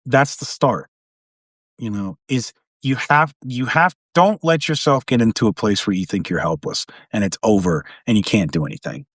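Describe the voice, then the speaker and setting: A man's voice: fairly low pitch, expressive, normal speed, slightly rough, no echo, clean studio sound. A middle-aged man talking earnestly on a live video call, rambling and often adding "you know". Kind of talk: casual conversation on a live stream.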